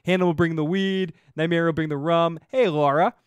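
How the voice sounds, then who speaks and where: A man's voice: a little high, steady tone, brisk, clean tone, dry recording. A man with a Boston accent from Massachusetts, hosting a podcast and reviewing a TV episode in loose, profane, rambling chat that keeps trailing off and restarting. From Massachusetts, USA. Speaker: podcast host reviewing a TV show.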